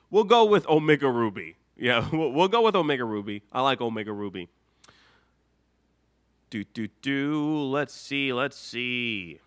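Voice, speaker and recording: A man's voice: fairly high pitch, pushed and bright. A young man hosting a live show, rambling casually, reading viewer comments aloud and laughing often. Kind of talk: casual live stream chat.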